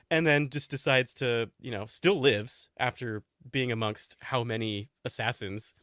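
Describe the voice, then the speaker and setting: Enthusiastic man with a bright voice. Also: mid-range voice, fairly even intonation, unhurried, dry recording, studio quality. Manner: enthusiastic, laughs often, acts out quotes. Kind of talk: casual roundtable chat.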